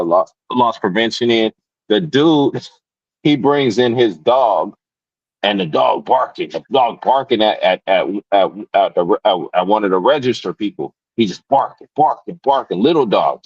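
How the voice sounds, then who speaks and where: A man's voice: fairly low pitch, breathy edge, no room sound, highs cut off. A man telling a story in casual chat, rambling, with many restarts and fillers. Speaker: podcast guest.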